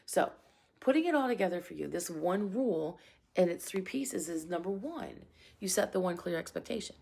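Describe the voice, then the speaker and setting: Husky, gravelly karate instructor woman. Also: on the low side, normal speed. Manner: calm, direct and emphatic, with repeated phrases. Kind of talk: parenting advice talk.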